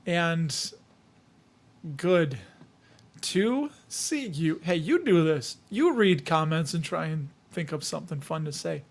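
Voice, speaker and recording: A man's voice: fairly high pitch, lively intonation, a little slow, vocal fry. A man from the Chicago area hosting a casual livestream, reading viewer comments in a jokey, rambling way with frequent chuckles.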